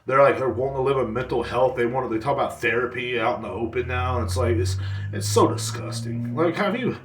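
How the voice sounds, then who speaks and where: A man's voice: mid-range voice, brisk, roomy sound, recorded from a distance, a little hiss or hum. A man hosting a podcast alone, rambling casually with blunt profanity and slang. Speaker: podcast host. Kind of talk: casual solo rant.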